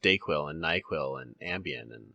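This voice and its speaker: A man's voice: rumbling low, expressive, normal speed, gravelly, lo-fi sound, a crowd in the background. A man hosting a podcast in casual chat, rambling with restarts and laughing often. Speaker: podcast host.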